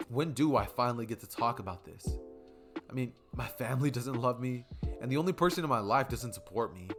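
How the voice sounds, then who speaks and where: A man's voice: medium pitch, animated, brisk, close to an everyday voice. A man doing a downcast teenage boy. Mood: dejected. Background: music.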